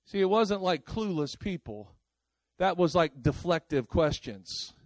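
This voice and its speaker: With a high, bright voice, a man delivers an unhurried sermon, leaping from loud outbursts to hushed asides. He addresses the congregation as if chatting with friends, animated and casual. The sound is dry and close, free of room echo.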